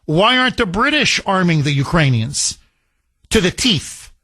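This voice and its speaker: A man's voice: high voice, big pitch swings, a little slow, pushed and bright. A man hosting a talk radio show, delivering a combative, sarcastic monologue full of rhetorical questions.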